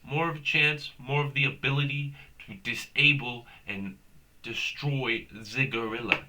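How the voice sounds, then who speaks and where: A man's voice: medium pitch, steady tone, measured pace, background noise. A young man hosting a comedic rant, rambling and profane, tossing in "bro" constantly. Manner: profane, rambling, slangy, says "bro" a lot. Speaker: host.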